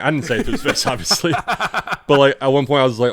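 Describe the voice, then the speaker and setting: A man co-hosts a podcast in a slightly bright mid-range voice, talking fast with hardly any pauses. His casual rambling stories feature acted-out inner voice and plenty of swearing, recorded in studio quality with no room sound.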